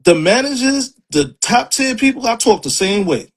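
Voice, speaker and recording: A man's voice: extremely high pitch, very animated, normal speed, a bit bright. A man with a New York accent, a poet, talking casually in an interview with lots of streetwise slang and laughter. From Harlem, New York.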